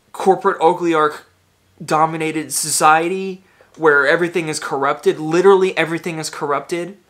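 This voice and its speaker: A man's voice: on the high side, a bit bright. A man in his thirties, ranting in a rambling, agitated monologue full of swearing and fillers. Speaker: vlogger.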